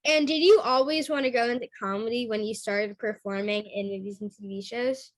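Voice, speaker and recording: A woman's voice: a little high, fairly quick. A woman hosting an interview, asking friendly and encouraging questions. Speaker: interviewer host.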